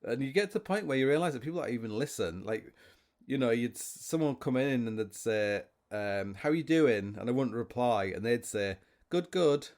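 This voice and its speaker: Talking a little fast in a mid-range, darkish voice, a lone podcast host wanders from story to story. His chat is full of restarts and jokes at his own expense.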